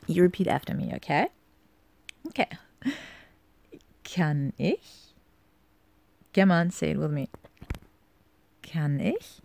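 Slow, gravelly German-accented woman teasing. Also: fairly low pitch, a little mellow. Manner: teasing, giggly, often drops to a whisper. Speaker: audio role-play performer. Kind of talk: flirty audio role-play.

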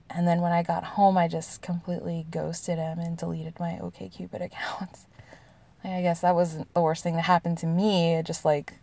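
A woman's voice: fairly low pitch, gravelly, a little mellow. A woman in her thirties from the United States, telling personal stories casually with frequent laughter and many "like"s. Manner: chatty, laughs often, heavy use of "like". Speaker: storyteller answering questions. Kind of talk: casual confessional storytelling.

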